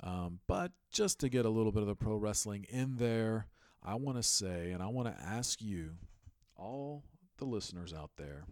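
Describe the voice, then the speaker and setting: A man's voice: lowish voice, normal speed, no echo, clean studio sound. A man hosting a sports podcast, giving casual, emphatic commentary and telling stories with energy. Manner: animated, emphatic storytelling. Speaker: podcast host.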